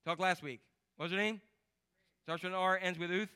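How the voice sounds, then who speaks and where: A man preaching a lively, joking sermon in church and quizzing the congregation. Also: high-pitched, brisk, clean tone. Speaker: pastor.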